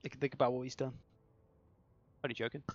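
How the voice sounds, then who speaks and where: A man's voice: medium pitch, level tone, fast, no room sound. A man from the south of England, chatting and joking casually while hosting a game tournament on a livestream. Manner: joking, chatty, self-mocking. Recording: slightly dull lo-fi mic, faint music.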